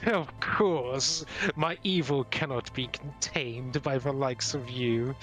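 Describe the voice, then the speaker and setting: A man's voice: mid-range voice, slow, a bit bright, faint music behind. A man hamming up a pompous evil sorcerer. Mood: gloating. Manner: pompous, theatrical. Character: grandiose evil male sorcerer villain.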